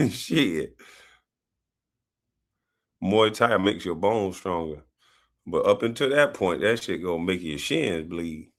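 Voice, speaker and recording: Animated, loose-talking man on a livestream. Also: sits low, slow, pauses often. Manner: loose, animated, profane banter. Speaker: livestream host. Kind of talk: casual livestream chat.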